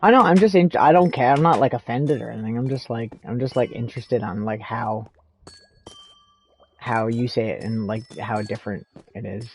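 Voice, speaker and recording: A man's voice: medium pitch, moderate pace, a little hiss or hum, rough recording. A man with a Canadian accent, chatting in a rambling, casual way while streaming a game and laughing often. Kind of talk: casual chat while gaming.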